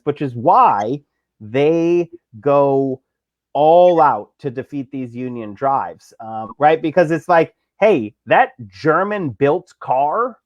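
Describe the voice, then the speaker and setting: A man's voice: a little high, dry recording. A man from Pittsburgh, a labor reporter on a political talk show, speaking with passion and sarcasm, with many fillers and restarts. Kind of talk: casual political chat. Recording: dull, lo-fi dry sound.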